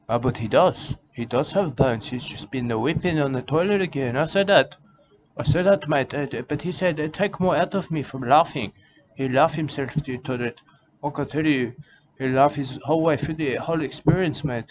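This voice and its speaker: A man's voice: fairly high pitch, close to an everyday voice. A man playing a rambling, eccentric self-styled wildlife warrior in an absurd comic monologue. He stumbles through broken grammar, keeps saying "uh", and tacks on "mate" again and again. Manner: rambling, full of "uh", keeps saying "I can tell you" and "mate". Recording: dull lo-fi recording with clear background noise.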